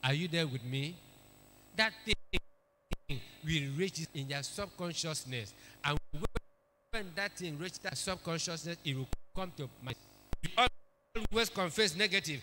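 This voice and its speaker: A man's voice: a little high, unhurried, sharp tone, a little hiss or hum. A man preaching a sermon, emphatic, repeating key phrases and calling for amens. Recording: echoey hall with long reverb.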